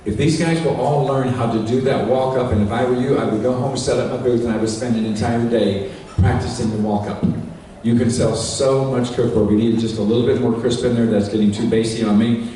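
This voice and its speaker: A man's voice: medium pitch, steady tone, a little fast, warm tone, slight background noise. A man presenting live to a seminar audience, folksy and instructive, talking through a handheld microphone over a PA while directing the sound tech. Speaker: presenter at a sales training event. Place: large echoing hall with an audience. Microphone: cordless handheld microphone over a PA. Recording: echoey hall recorded from far off.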